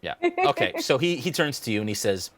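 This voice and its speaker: A man's voice: medium pitch, big pitch swings, fast talker, crowd noise. A man narrating and ruling as dungeon master of a tabletop game, laughing often.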